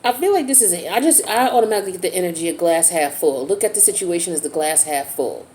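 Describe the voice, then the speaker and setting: A woman's voice: on the low side, expressive, quick pace, a little mellow, slight background noise. A woman giving a casual tarot reading in a chatty, slang-filled way. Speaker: tarot reader.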